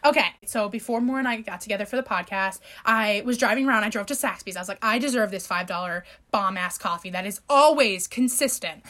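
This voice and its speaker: A woman's voice: medium pitch, brisk, hardly any pauses. A young woman co-hosting a podcast, telling stories in casual chat and acting out quotes in exaggerated voices. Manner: animated storytelling, acts out quotes in exaggerated voices. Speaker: podcast co-host.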